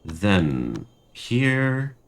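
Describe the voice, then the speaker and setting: A man's voice: lowish voice, sing-song, extremely slow. A young man commentating his strategy game and ranting in frustration over bad luck. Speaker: gaming channel host. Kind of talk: gameplay commentary.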